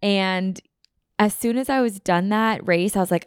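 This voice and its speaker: A woman's voice: medium pitch, unhurried, clear, resonant tone, dry recording, studio quality. A woman hosting a solo podcast, chatting casually and rambling with lots of "like" fillers. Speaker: podcast host.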